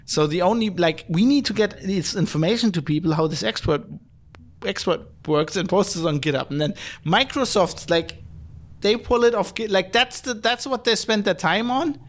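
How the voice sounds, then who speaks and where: A man's voice: sits high, normal speed. A man hosting a podcast, ranting casually and swearing, with many fillers. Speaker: podcast host. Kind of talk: casual chat.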